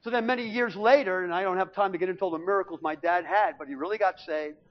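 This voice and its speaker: A middle-aged man preaching, telling a lively personal story from the pulpit and acting out what his family said. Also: high-pitched, quick pace. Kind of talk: sermon testimony storytelling. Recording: dull lo-fi recording.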